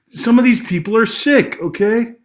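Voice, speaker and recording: A man's voice: very high-pitched, moderate pace. A young adult man giving an unscripted personal monologue of social commentary, emotional and rambling, with many restarts and apologies, his voice climbing when he gets angry. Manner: agitated, voice rising when angry.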